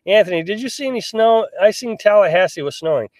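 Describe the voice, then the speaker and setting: A man's voice: high-pitched, expressive, fast, a little mellow, no room sound. Chatty middle-aged man, dry sound. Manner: chatty, rambling, many restarts and fillers. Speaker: live-stream host reading viewer comments. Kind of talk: casual live-stream chat. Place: in a small pop-up camper.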